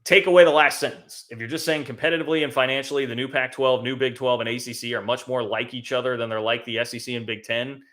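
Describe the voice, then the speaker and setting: Man, sports talk host, live-stream commentary, bright forceful tone, emphatic, conversational. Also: mid-range voice, fairly even intonation, fast talker, hardly any pauses. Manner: conversational, emphatic, thinking aloud. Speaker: college football show host.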